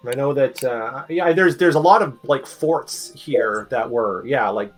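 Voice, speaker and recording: A man's voice: medium pitch, measured pace, soft background music, low-quality recording. A man chatting casually between tabletop game sessions, rambling with many fillers. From Canada. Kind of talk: casual chat.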